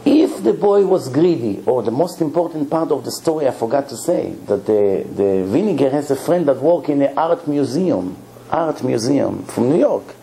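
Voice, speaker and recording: A man, a rabbi, telling a story in a sermon, animated and swinging between low asides and sudden high exclamations. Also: moderate pace, creaky, a little hiss or hum, poor audio.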